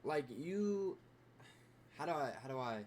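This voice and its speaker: A man's voice: a little high, animated, measured pace, a little mellow, a little hiss or hum. A young man hosting a reaction video, rambling in casual commentary with constant fillers and swearing.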